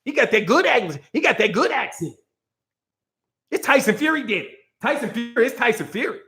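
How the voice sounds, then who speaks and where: A man's voice: extremely high pitch, animated, brisk, pushed and bright, faint music behind. A man hosting a boxing commentary channel, ranting in a heated, profane way, repeating himself and breaking into laughter.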